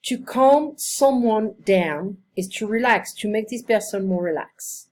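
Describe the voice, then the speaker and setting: A woman teaching English one-on-one, with a voice of ordinary height. She explains slowly and carefully and reads out example sentences to her student. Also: medium pitch, lively intonation, darkish tone. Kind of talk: one-on-one language lesson.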